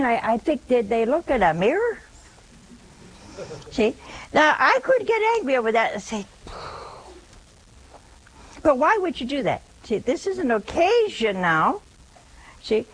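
A nun giving a spiritual talk in a conversational, gently teasing way, often checking in with her listeners with rhetorical questions. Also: on the high side, breathy edge, low-quality recording.

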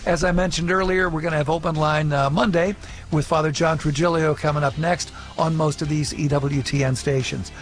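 A male radio host reading listener emails and wrapping up the show in a friendly, brisk way. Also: a little high. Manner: friendly and brisk, with short affirmations.

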